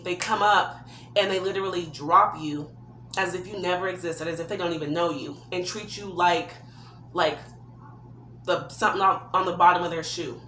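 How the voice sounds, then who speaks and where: A woman's voice: on the low side, a bit bright, slight background noise. Earnest woman vlogging in an echoey room. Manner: earnest, heartfelt advice from experience. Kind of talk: personal advice vlog.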